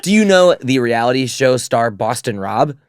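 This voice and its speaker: A man's voice: mid-range voice, animated, moderate pace, smooth, dry recording, clean studio sound. A man guesting on a comedy podcast, joking and bursting with enthusiasm. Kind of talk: casual comedic chat.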